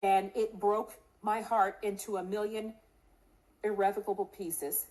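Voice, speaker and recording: A woman's voice: medium pitch, level tone, measured pace, darkish tone, rough recording. A middle-aged woman, a candidate in an interview, telling a personal story with earnest feeling and acting out the voices of people she quotes. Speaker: congressional candidate.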